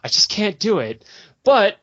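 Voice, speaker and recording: A man's voice: high-pitched, very animated, unhurried, a bit bright. Rambling, cursing young man, lo-fi. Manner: profane, rambling, giggly storytelling. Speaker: podcast host. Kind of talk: casual storytelling chat. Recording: dull lo-fi podcast audio.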